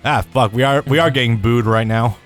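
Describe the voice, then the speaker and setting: A man's voice: medium pitch, brisk. A man hosting a live let's play, chatting casually while he plays, swearing and laughing as he goes. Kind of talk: live gameplay commentary. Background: faint game music.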